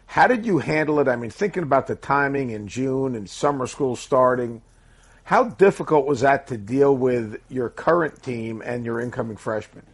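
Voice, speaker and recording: A man hosts a sports radio interview with a somewhat husky voice. He asks his questions in a loose, conversational way, rambling a little before getting to the point. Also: medium pitch, lively intonation, moderate pace.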